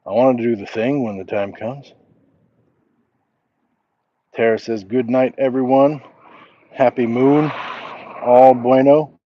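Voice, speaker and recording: A man's voice: medium pitch, fairly even intonation, measured pace, pauses often, no echo, dull audio. A middle-aged man walking outdoors at night, chatting casually on a livestream and reading viewer comments aloud in a laid-back, chuckling way. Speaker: livestream host. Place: outdoors at night, crickets around.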